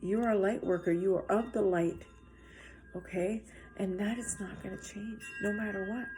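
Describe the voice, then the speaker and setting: A woman giving a spiritual tarot reading, talking straight to her viewers in a halting, earnest way with lots of fillers and restarts. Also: medium pitch, fairly even intonation, over music. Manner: earnest and encouraging, addressing viewers directly. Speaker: tarot reader.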